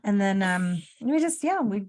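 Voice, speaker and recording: A woman co-hosting a podcast, telling a story in casual chat, acting out quotes in a high voice and laughing often. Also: big pitch swings, a little slow, a little mellow. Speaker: podcast co-host.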